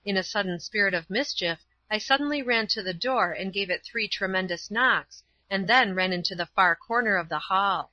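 Woman reading a story out loud, bright voice, dry and a bit dull sounding. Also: mid-range voice, dry recording. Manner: measured, clear narration. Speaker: narrator.

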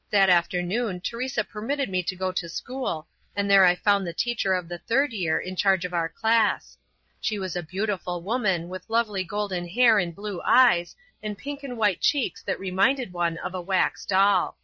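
A woman narrating an audiobook chapter in a measured, clear storytelling manner. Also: mid-range voice, bright, forceful tone, no room sound, lo-fi sound. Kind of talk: scripted narration.

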